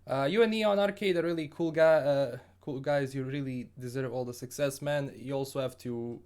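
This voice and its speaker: A man's voice: mid-range voice, normal speed, a little mellow. A man from Bosnia with a Bosnian accent, hosting a casual gaming livestream and answering viewer questions in an upbeat, rambling way with frequent restarts.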